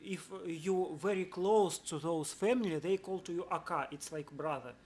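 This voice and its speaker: Russian-accented man in halting English. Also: on the high side, a little mellow. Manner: halting English, searches for words. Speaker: vlogger. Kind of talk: casual conversation.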